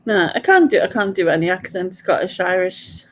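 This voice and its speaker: A woman's voice: lowish voice, animated, normal speed. A woman co-hosting a late-night live chat, rambling and laughing often. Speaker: co-host. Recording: slightly dull lo-fi sound.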